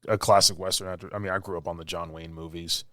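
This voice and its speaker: A man's voice: low voice, fairly even intonation, fast talker, pushed and bright, no echo, studio quality. A man hosting a podcast interview, easygoing and chatty. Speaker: podcast host. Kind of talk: casual interview chat.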